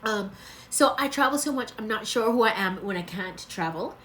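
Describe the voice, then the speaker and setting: A woman talks to viewers on a casual livestream, gushing and laughing as she rambles from thought to thought. She sounds emotional and close to tears, at a middle pitch. A faint noise sits behind her phone recording. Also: lively intonation, moderate pace, a bit bright. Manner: gushing, chatty, laughs often. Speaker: travel vlogger.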